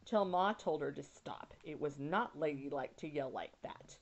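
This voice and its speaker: A woman teacher at home, reading a children's novel aloud and pausing to explain words with casual asides. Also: low-pitched, a little mellow. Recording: dull lo-fi recording.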